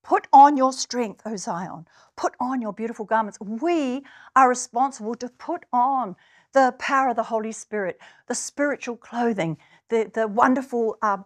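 A woman from New Zealand preaching a sermon, earnest, and building to emphatic, stirring passages. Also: a little high. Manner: earnest, rises to emphatic exclamations.

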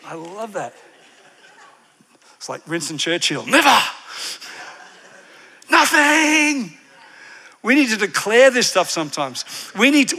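A man preaching a sermon with energy, getting the congregation to repeat lines back and drifting into side stories. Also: high-pitched. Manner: energetic, leads congregation call-and-response; animated, digressive storytelling.

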